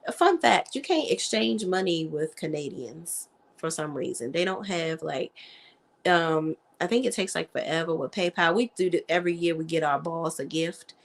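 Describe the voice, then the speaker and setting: A woman hosting a casual chat about reality TV, blunt and profane, quick to laugh. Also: low voice, creaky. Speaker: host.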